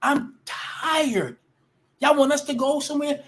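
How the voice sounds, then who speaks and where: A woman's voice: sits high, unhurried, a bit bright. A woman ranting casually to her viewers, blunt and profane, often restarting her sentences. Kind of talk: casual rant to camera.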